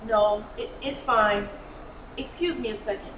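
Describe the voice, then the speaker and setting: A woman's voice: a little high, close to an everyday voice. An actress playing a stressed woman manager brushing off her ex in a staged comedy reading. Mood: exasperated. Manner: exasperated, brisk. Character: Diana, harried woman DMV manager. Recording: roomy hall, audience noise, far mic.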